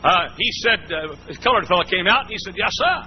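A man's voice: high-pitched, quick pace. A man pastor preaching a sermon, telling folksy stories and often repeating and restarting his words. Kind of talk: storytelling sermon. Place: church before a congregation. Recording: muffled old sermon tape with faint hum.

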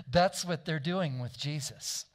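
A man preaching a sermon in a conversational way, often asking the congregation to agree and correcting himself as he goes. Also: on the high side. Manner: frequent restarts and self-corrections. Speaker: pastor.

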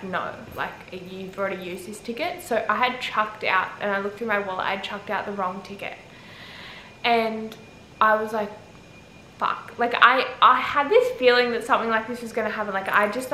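A young Australian woman telling a travel story to camera in a rambling, chatty way, filling her speech with "like". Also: mid-range voice. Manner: rambling, heavy use of "like", animated retelling. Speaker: travel vlogger. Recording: echoey with faint ambient noise.

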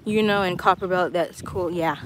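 A woman's voice: fairly low pitch, moderate pace. A woman hosting a travel vlog live stream while walking outdoors, chatting casually and reading viewer comments aloud. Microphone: handheld phone camera. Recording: noisy outdoor phone audio.

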